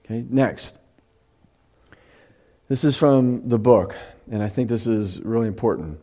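A middle-aged man preaching in a conversational sermon, who slows down to read scripture and at times gets emotional. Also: medium pitch, mellow. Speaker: pastor.

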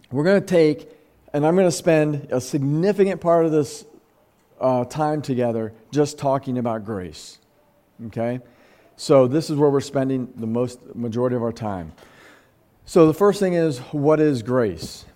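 A man's voice: a little high, a little mellow. A man preaching a conversational sermon, earnest and close to tears, often restarting his sentences. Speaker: pastor.

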